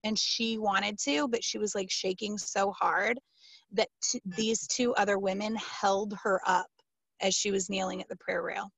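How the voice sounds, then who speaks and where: A woman pastor answering interview questions, telling a story in an animated, emphatic, casual way with many fillers. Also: mid-range voice, measured pace, creaky, slightly rough, dry recording.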